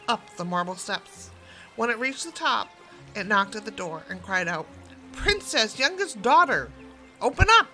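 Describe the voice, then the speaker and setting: A woman reading a fairy tale aloud, expressive and gently paced, in a mid-range voice. Clear background music runs under her narration. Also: medium pitch. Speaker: storyteller.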